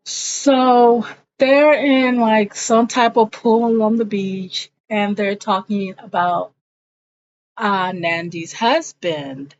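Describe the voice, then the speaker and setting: A woman's voice: mid-range voice, extremely slow. A woman giving a chatty, slangy, casual recap of a TV episode. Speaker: show recapper. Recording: dull lo-fi recording.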